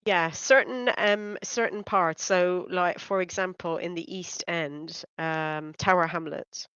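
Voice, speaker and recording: A woman co-hosting a live stream, chatting casually with lots of fillers and quick asides. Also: on the low side, fairly even intonation, fairly bright tone, clean tone, no room sound. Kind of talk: casual chat. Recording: dry, dull lo-fi audio.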